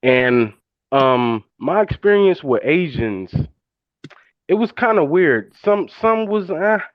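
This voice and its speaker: A man from Detroit joining a live audio chat as a caller, explaining things in a measured way with pauses. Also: a little high, big pitch swings, no echo. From Detroit, USA. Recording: dull lo-fi phone audio.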